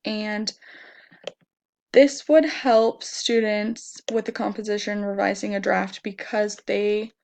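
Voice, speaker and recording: Slow, hesitant young woman explaining a lesson. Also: medium pitch, steady tone, vocal fry, a little mellow. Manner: hesitant, many ums. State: crackly voice. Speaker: student teacher presenting a lesson plan.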